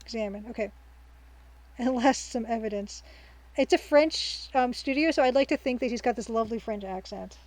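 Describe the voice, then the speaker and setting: A woman's voice: on the high side, moderate pace, darkish tone, rough recording. A woman streamer giving casual let's-play commentary, chatty and rambling, thinking aloud with frequent ums and easy laughs. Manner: cheerful, laughs easily.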